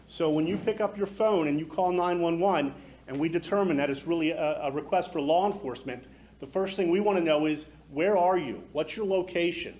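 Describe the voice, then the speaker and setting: A man's voice: fairly high pitch, darkish tone. A man, director of county emergency services, giving a talkative, emphatic presentation to an audience at a community event. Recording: echoey hall from far off, noisy.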